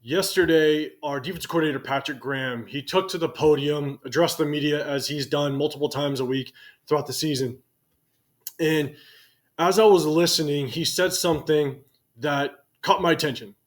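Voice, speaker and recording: A man's voice: a little high, moderate pace. A man in his forties giving casual, conversational sports commentary to his channel's viewers, thinking aloud as he goes. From United States.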